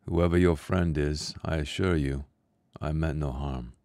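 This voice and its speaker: Gentle tired traveler guy, soft and low, dry sound, man reading him. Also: unhurried, no room sound. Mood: soothing. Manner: calm, soothing. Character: weary, gentle grown man, a wanderer.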